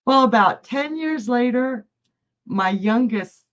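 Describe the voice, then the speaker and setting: A woman's voice: a little high, lively intonation, slow, a bit bright. A middle-aged woman giving psychic readings on a live stream, chatty and jokey, laughing often. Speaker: psychic reader. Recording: dull lo-fi stream audio.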